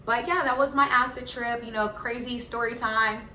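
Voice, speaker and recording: A young woman tells a casual storytime, full of filler words, swinging into loud excitement. Her voice sits fairly high and sounds bright and sharp. The room around her is echoey, with a faint hum behind. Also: normal speed. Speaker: vlogger telling a story.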